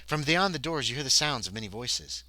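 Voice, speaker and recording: A man's voice: mid-range voice, expressive, fairly quick, bright, forceful tone, dry recording, low-quality recording. A man playing a solo tabletop horror scenario on a livestream, reading the text aloud and breaking off into muttered asides. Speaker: solo tabletop game player and narrator.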